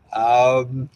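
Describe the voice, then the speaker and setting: A man's voice: mid-range voice, no room sound. Chatty Australian man on a livestream. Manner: chatty and rambling, laughs often, answers viewer chat. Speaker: livestream host. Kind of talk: casual livestream chat reading comments.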